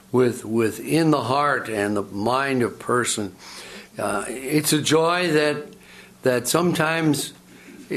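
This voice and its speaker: An older man preaching a sermon, talking in a conversational, storytelling way that often stops and repeats words. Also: medium pitch. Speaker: pastor.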